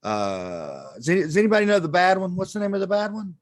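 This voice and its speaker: A man doing a stand-up comedy set on a club stage, self-deprecating and halting, with many ums and restarts. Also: high voice, sing-song, no echo, clean studio sound.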